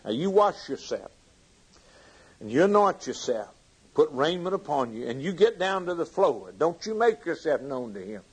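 Male preacher, husky voice, fervent sermon, loud bursts and hushed drops. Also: fairly high pitch, sing-song, normal speed, rough recording. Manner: fervent, swings between loud emphasis and hushed lines.

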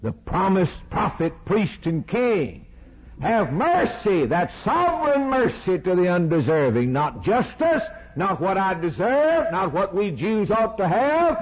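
A man preaching an impassioned sermon, swinging between shouted peaks and hushed, intimate lows. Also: sing-song, unhurried, hardly any pauses, breathy edge, poor audio.

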